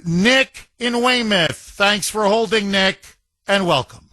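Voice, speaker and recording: High, bright-voiced talk radio host. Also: male voice, takes it slowly, no echo. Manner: animated, laughing, jokey asides. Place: radio studio. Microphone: studio microphone.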